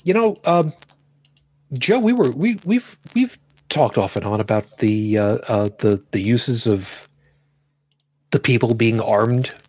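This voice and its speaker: Casting: male co-host, husky voice, dry close mic, loose rambling chat. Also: medium pitch, lively intonation, slow pace, a little mellow, dry recording. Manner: rambling, self-correcting, jokey. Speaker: podcast co-host. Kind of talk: casual chat.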